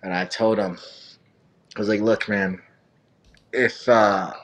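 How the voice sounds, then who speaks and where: Laid-back, cussing man with a low voice. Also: fairly even intonation, takes it slowly. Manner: swears freely, laughs a lot, rambling storyteller. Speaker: wrestling coach, guest. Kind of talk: casual chat.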